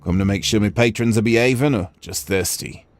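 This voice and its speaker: A man voicing a brash, gruff middle-aged tavern keeper in a game, with a rough, slangy attempted Cockney accent. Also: fairly low pitch, brisk, slight background noise, natural voice. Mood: wry. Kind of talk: reading game dialogue aloud on a stream.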